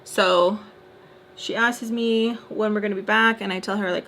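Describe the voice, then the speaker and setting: A woman's voice: mid-range voice, steady tone, moderate pace, gravelly, fairly bright tone. Young woman, twenties, casual storytime vlog, chatty, exasperated, close camera mic, faint hiss. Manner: chatty, exasperated retelling with quoted back-and-forth. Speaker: storytime vlogger. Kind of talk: casual storytime while doing makeup.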